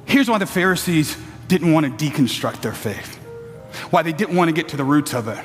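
Male preacher, high voice, climbing to shouted peaks, playful asides, large church, long reverb. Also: expressive, brisk, faint music behind. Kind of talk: sermon.

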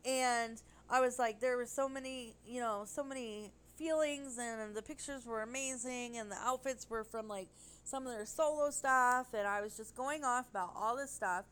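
A woman telling a rambling, animated story in casual chat. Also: a little high, normal speed, clear, resonant tone, rough recording.

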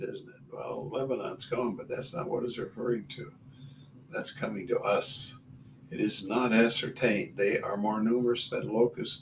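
A man's voice: medium pitch, creaky. A man reading Bible verses aloud and adding blunt comments between them. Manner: reads verses then adds blunt asides. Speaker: Bible teacher. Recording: roomy, distant mic with faint room noise.

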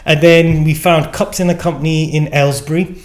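Animated man telling a story. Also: fairly high pitch, fairly quick. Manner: animated storyteller acting out quoted dialogue, many fillers. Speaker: guest. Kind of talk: casual storytelling.

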